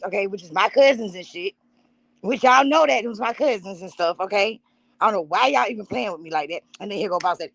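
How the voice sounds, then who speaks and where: A woman's voice: mid-range voice, lively intonation, fast, no echo. A woman talking casually on a livestream, blunt and profane, speaking straight to her chat while she gets herself together. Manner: loose and unprepared, stops to fumble with things.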